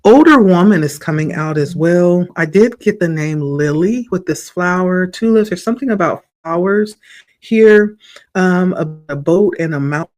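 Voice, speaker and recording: A man giving a spiritual tarot reading in a slow, reflective, encouraging way, his voice a little hoarse from the morning. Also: high-pitched, a little mellow. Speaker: tarot reader.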